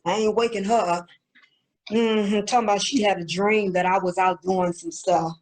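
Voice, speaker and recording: A woman voicing a sassy young woman looter in a comedic skit, boastful and slangy with drawn-out exclamations. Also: medium pitch, steady tone, natural voice, rough recording. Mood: gossipy.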